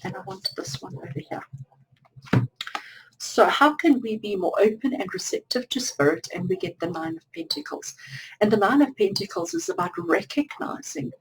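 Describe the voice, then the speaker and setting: Woman, tarot reader; earnest, encouraging, direct address; voice a touch high; recorded a bit off-mic. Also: expressive, moderate pace, gravelly, slightly rough, far from the mic, rough recording. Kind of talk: pick-a-card tarot reading.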